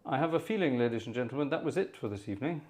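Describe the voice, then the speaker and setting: A man's voice: medium pitch, animated, racing, darkish tone. A chatty man hosts a live organ music stream in a mid-range voice. He narrates what he is doing as he goes and mutters exasperated asides under his breath. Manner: chatty, narrating his own tech troubleshooting. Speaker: organ music livestream host. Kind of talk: casual live-stream chat.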